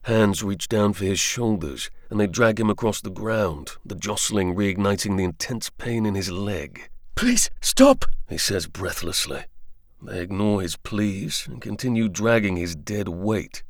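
A man reading a story aloud in a slow, measured narration style. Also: on the low side, no room sound, clean studio sound. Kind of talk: scripted narration.

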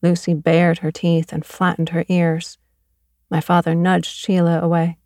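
A woman narrating a first-person audiobook in a measured, even way. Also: fairly low pitch, no echo, clean studio sound.

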